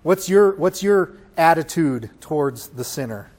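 A man preaching a sermon, swinging from hushed lines to loud ones and putting rhetorical questions to the congregation. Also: on the high side, lively intonation, unhurried. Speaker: pastor.

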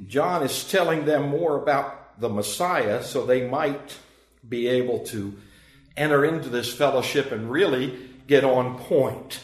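A man's voice: medium pitch, unhurried, roomy sound. A man preaching a sermon as pastor, earnest and emphatic, with swelling and dropping emphasis.

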